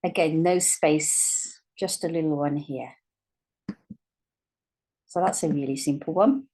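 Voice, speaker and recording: A woman teaching a writing lesson, speaking patiently and dictating words slowly as she writes them out. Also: low voice, warm tone. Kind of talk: dyslexia writing lesson, thinking aloud while writing.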